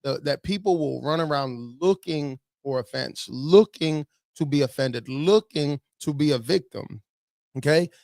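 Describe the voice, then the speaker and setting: Man, pastor, gravelly voice, blunt preachy commentary, dry close sound. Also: fairly high pitch, a little slow, darkish tone, dry recording.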